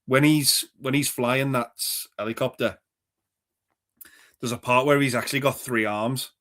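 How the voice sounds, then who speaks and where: Male co-host, relaxed and agreeable, chatty conversational delivery. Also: mid-range voice, a little slow. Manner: easygoing, agreeable, many "yeah"s. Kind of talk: casual chat.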